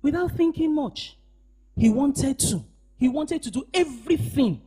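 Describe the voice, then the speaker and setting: A woman pastor delivers a sermon at a church service, swinging from shouted emphasis to hushed asides and urging the congregation to respond. Her voice is high-pitched with lively intonation, and she speaks a little slowly.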